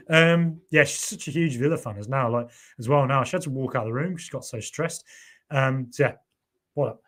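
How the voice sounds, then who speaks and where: A man's voice: mid-range voice, a little fast. Man hosting a football podcast. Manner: animated, reads out viewer comments. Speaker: podcast host. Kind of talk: casual live-stream football chat.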